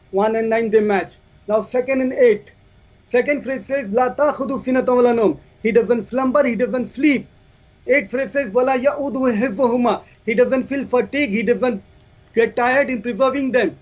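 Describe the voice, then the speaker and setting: A man's voice: extremely high pitch, muffled recording. A man presenting his case in a debate, reciting verses and translating them with repetitive emphasis. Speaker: Muslim debater.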